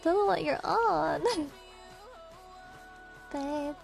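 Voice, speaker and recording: Young woman streamer, childlike voice, very high, slow and giggly, faint music behind. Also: gravelly. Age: young adult. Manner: giggly, teasing back at chat. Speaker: VTuber streamer. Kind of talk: casual live-stream chat.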